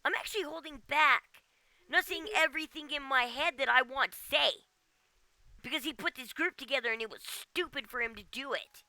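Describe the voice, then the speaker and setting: A woman's voice: high-pitched, a little fast, bright, forceful tone, no room sound. A woman game streamer ranting casually at home, exasperated and often ending with "okay?". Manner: exasperated, keeps tagging "okay?". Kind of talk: casual livestream rant.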